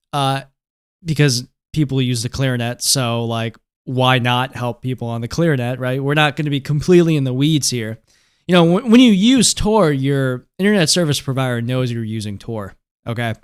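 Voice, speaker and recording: A man walking viewers through a tech tutorial in a relaxed, chatty way, often tagging his points with "right?" and "okay?". His voice comes across smooth and resonant. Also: medium pitch, moderate pace. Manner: conversational, keeps checking in with "right?" and "okay?". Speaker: host.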